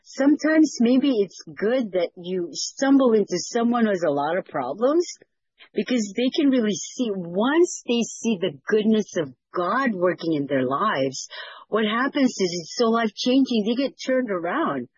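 Woman, fellowship leader, earnest testimony; husky, dry, muffled video-call sound. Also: medium pitch, lively intonation, measured pace, darkish tone, no room sound. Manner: earnest, rambling, with repeated words. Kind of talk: personal testimony sharing.

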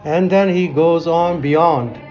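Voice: medium pitch, slow pace, a little mellow, lo-fi sound, faint music behind. A Bible teacher speaking informally in a conversation, quoting scripture in old-fashioned wording and speaking English with non-native grammar.

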